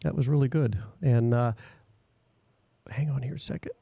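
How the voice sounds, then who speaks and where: A man's voice: mid-range voice, fairly even intonation, moderate pace, vocal fry, no echo, highs cut off. A man hosting a casual live radio show from a small studio, rambling and chatty with lots of fillers.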